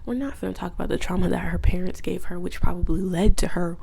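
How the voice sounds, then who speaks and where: A woman's voice: on the low side, steady tone, fast, gravelly, dark tone, breathy edge. A woman vlogger giving a casual, rambling, profane recap, often dropping into whispered asides. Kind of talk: casual video essay recap.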